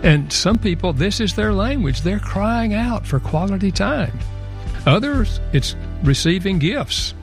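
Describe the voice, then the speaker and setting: A gravelly man with a slightly high voice talks through his ideas in an earnest, explanatory way, laying out points one after another as a radio interview guest. Soft music sits faintly underneath. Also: animated, measured pace. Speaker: author and guest.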